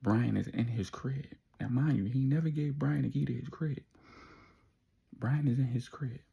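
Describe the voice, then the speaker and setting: A man telling a story casually, in a slangy, conversational way with dramatic pauses. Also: medium pitch, gravelly, mellow, breathy edge, dull audio.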